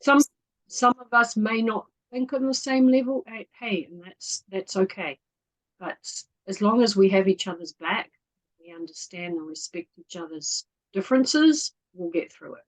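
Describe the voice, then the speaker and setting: A woman in her fifties with a New Zealand accent, talking earnestly in an interview and often trailing off quietly. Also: mid-range voice, animated, moderate pace, low-quality recording. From Netherlands, raised in New Zealand. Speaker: guest. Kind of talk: casual interview talk.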